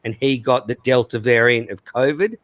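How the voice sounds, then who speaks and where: A man's voice: medium pitch, normal speed, fairly bright tone, dry recording. Chatty Australian man, dry close mic. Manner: chatty, storytelling, laughs while talking. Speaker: podcast guest. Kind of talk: casual live stream chat.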